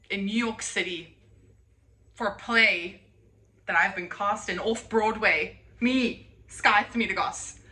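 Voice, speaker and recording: A woman in her twenties from South Africa, rambling excitedly in a casual vlog. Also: medium pitch. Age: 20s. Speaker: vlogger. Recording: noisy background.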